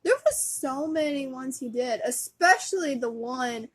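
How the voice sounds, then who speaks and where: A woman's voice: high voice, expressive, a little slow, slight background noise. A woman vlogger chatting casually as a fan, giggly and rambling, with lots of fillers.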